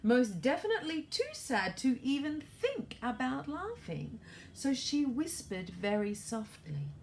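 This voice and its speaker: A woman's voice: sits high, sing-song, unhurried, darkish tone, a little hiss or hum. A woman author reading her children's storybook aloud in a playful way and asking the young listeners questions.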